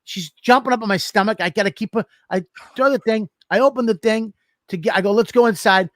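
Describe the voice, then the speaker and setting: Profane, animated man telling a story. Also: high voice, a little fast, no room sound. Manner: animated, swearing constantly, acts out scenes. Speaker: podcast co-host.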